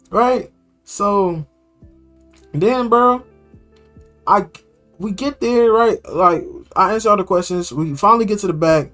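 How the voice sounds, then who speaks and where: A young man telling a story in an animated, slangy way, tossing in "bro" a lot. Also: high voice, moderate pace, soft background music. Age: young adult. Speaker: streamer.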